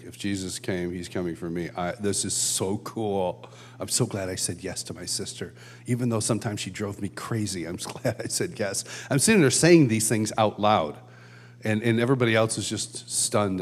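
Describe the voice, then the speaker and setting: A man preaching to a live congregation, telling a personal story with animated delivery and hushed asides as he acts out his own thoughts. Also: mid-range voice. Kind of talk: sermon storytelling. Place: church hall, live before a congregation.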